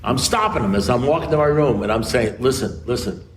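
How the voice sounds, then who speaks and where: An American man speaking at a recovery meeting, telling a story and acting out both sides of a conversation with big swings in pitch. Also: fast talker. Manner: animated, acts out dialogue with swings in pitch. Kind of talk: storytelling talk. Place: meeting room. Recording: noisy room recording.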